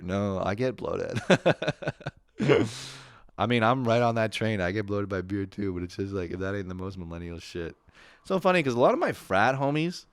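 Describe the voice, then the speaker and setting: Brief: young male podcast host, low voice, dry close mic, profane rants, laughs a lot. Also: clear, resonant tone, no echo. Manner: profane, laughing, mocking impressions. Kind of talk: casual solo podcast rant.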